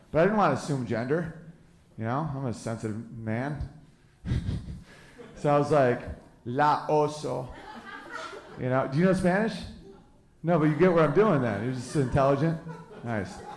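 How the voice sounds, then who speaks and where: A man's voice: fairly high pitch, roomy sound. A man in his thirties doing a live stand-up comedy set, rambling loosely and breaking into goofy voices. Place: live comedy venue with audience.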